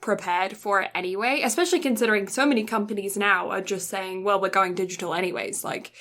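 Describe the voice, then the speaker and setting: A woman's voice: medium pitch, fast talker, a bit bright. A young woman co-hosting a casual podcast, chatty and teasing, prone to going off on tangents. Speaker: podcast co-host. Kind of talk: casual chat.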